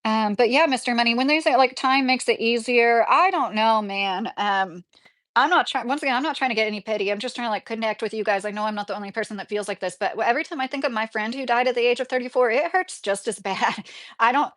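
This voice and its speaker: A woman's voice: a little high, fast, a bit bright, dry recording. Chatty woman with a Kentucky accent, close dry mic. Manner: chatty, sympathetic, many "like" fillers. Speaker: livestream host reading chat. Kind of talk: casual livestream chat.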